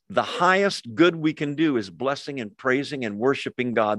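A man leading a Bible study in an earnest, conversational way, pausing over his notes with fillers and acting out quoted speech. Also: mid-range voice, no echo.

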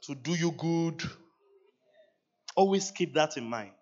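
High voiced guy preaching in church, laughs a lot, acts out the back and forth with god, muffled recording. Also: slow. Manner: animated, laughing, acting out dialogue with God. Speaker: pastor. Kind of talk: sermon. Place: church service.

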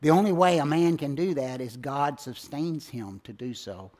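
A man preaching a sermon in a slightly high voice. He builds to loud, emphatic lines and then lets his phrases sink low and quiet. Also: moderate pace. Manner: dramatic swings between loud emphasis and hushed low endings. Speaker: pastor.

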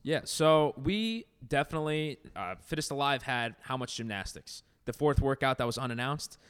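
A man co-hosting a podcast, chatting loosely with friends. His pitch moves up and down freely and he laughs often, talking at a middle pitch. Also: clear, resonant tone. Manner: animated, laughs often, quick asides. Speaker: podcast co-host and gym coach. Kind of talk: casual chat.

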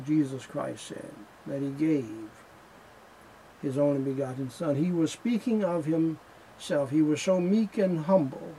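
A man preaching a sermon at an unhurried, deliberate pace, his gravelly voice sitting a little high for a man. He drives his points home through emphatic repetition, and a faint hum of ambience sits behind him. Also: dark tone, poor audio. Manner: slow, emphatic preaching with repeated refrains.

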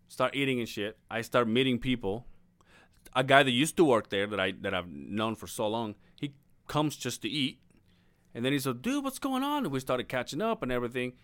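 A man's voice: medium pitch, moderate pace, pauses often, fairly bright tone, no echo. A man co-hosting a casual podcast, telling a long story with lots of swearing and laughing as he goes. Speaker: podcast co-host.

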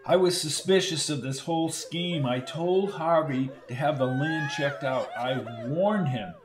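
A man reading an audiobook voices a middle-aged man in grief and fury who shouts raw, anguished lines, with music underneath. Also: a little high, unhurried, close to an everyday voice.

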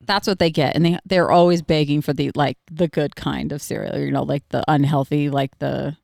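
A woman's voice: deep voice, fairly even intonation, moderate pace, creaky, darkish tone, no room sound, clean studio sound. A woman co-hosting a podcast, chatting casually about her kids, rambling and laughing often. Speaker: podcast co-host. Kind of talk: casual chat.

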